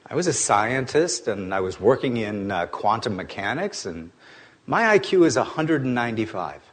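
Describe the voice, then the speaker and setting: A man's voice: mid-range voice, very animated, normal speed. A man voicing a modest, clever newly dead man who talks hesitantly about himself in a joke.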